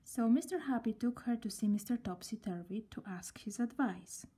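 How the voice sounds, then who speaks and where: A woman reading a children's story aloud in a gentle voice, often dropping near a whisper. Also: fairly high pitch, lively intonation, normal speed, slightly rough.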